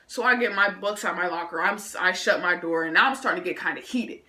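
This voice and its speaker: A woman vlogger telling a story from school in an animated, slangy way, adding her own sound effects. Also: lowish voice, quick pace. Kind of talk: casual storytime vlog.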